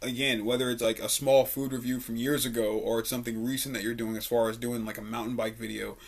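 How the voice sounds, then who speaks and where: A fast-talking podcast host, a man in his twenties, tells a story in laid-back casual chat. His medium-pitched voice stays level in tone, and he swears freely and laughs often.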